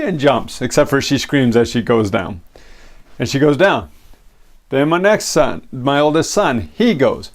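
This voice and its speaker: A middle-aged man giving a motivational talk, telling a personal story in an animated way and acting out the lines of the people in it. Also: a little high, vocal fry. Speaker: motivational speaker.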